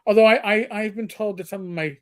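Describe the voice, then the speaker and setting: A man in his fifties hosting a casual livestream chat, telling stories in an animated, rambling way with many restarts. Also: sits high, fast talker. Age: 50s. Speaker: host.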